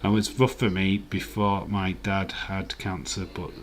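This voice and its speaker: A man's voice: low voice, level tone, measured pace. A man in his forties hosts a live watch-along stream. He chats casually, reads viewer comments aloud and rambles with filler words.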